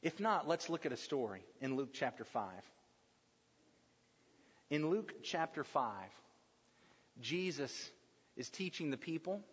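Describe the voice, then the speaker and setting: A man with a high voice preaches to a congregation in a church with long, ringing reverb. He is emphatic, swelling to loud passionate peaks and then falling to hushed, quiet lines. The recording is dull and lo-fi. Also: animated, slow pace, pauses often, breathy edge. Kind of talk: sermon.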